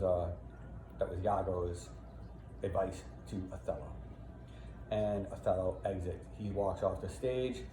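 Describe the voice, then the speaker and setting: A man's voice: fairly low pitch, background noise. A man teaching a play, reading lines and explaining them casually with frequent "right?" asides. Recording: echoey room, faint ambience.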